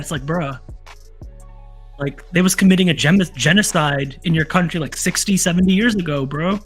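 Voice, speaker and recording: High-voiced Southern man, profane banter. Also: normal speed, soft background music. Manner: profane, animated, laughing often. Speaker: podcast co-host. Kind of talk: casual chat.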